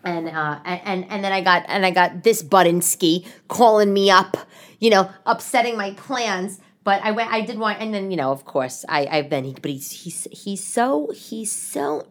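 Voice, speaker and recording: Rambling, animated woman podcast host. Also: medium pitch, brisk. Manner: rambling, animated, with frequent restarts and swearing. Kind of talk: casual comic monologue. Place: living room.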